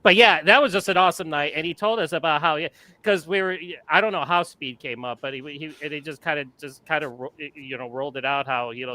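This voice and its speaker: A man's voice: fairly high pitch, fast talker, bright, forceful tone, dry recording. A man co-hosting a casual movie chat, enthusiastic and rambling, with many restarts. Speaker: podcast co-host.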